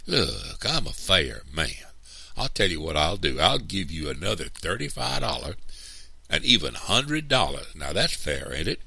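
A man voicing a blustering, threatening middle-aged landowner who talks loudly and pushily. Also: low-pitched, sing-song, a little slow, vocal fry, breathy edge, no room sound, heavily acted. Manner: loud, pushy, snapping.

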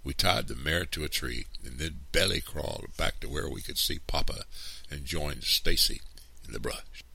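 Deep, gravelly male storyteller. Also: moderate pace. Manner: calm, even read-aloud narration. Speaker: reader. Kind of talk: storybook narration.

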